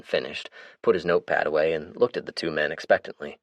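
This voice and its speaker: Deep-voiced male audiobook narrator. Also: fast, dry recording. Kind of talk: scripted narration.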